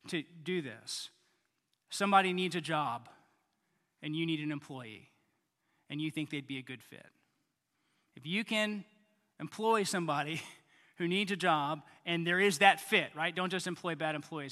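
Man, pastor, sermon, high voice, repeats words, swings loud and quiet, long hall echo. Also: moderate pace, long pauses.

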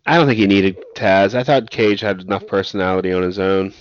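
A man's voice: deep voice, a little fast. A man co-hosting a casual wrestling podcast, giving brief, agreeable replies. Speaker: podcast co-host. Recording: dull dry podcast audio.

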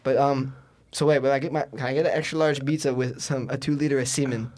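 A young man, a podcast guest, chatting crudely while high and prank-calling a pizza place with giggly banter. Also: steady tone, fast talker, a crowd in the background. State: high, intoxicated. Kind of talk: casual chat, prank calling.

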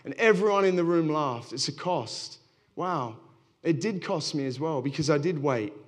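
Man preaching, slightly high voice. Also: expressive, normal speed. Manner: candid storytelling, self-deprecating. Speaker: pastor. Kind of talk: sermon.

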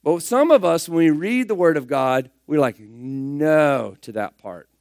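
A man preaching a sermon, firing rhetorical questions and swinging between loud emphatic bursts and hushed asides. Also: fairly high pitch, big pitch swings, moderate pace, dry recording, studio quality.

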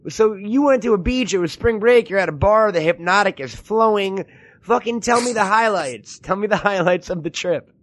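A man hosts a loose, comedic podcast with a slightly raised voice. He jokes, swears freely and slips into quick impressions as he riffs. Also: sits high, expressive, fairly bright tone, dry recording. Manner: joking, profane, riffing impressions. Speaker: podcast host. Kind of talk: casual comedic chat.

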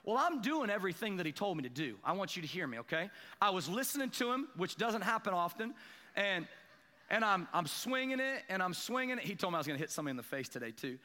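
A man preaching a sermon, telling a self-deprecating fishing story and building to excited emphasis. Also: high-pitched, fast, big-room sound. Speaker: pastor. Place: church sanctuary.

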